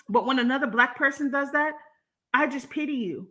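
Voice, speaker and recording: A young woman with a lilt, speaking in a high, bright and ringing voice. She runs a live-stream commentary, reacting to chat messages with sass and plenty of laughter. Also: a little fast. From Jamaica. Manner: sassy, animated, laughing between points. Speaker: YouTuber reading live chat.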